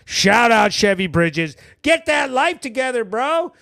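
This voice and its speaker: A man hosting a local news recap show, telling stories in a crude, animated way with loud shout-outs and frequent laughter. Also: extremely high pitch, unhurried, vocal fry, no room sound, clean studio sound. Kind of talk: casual profane storytelling.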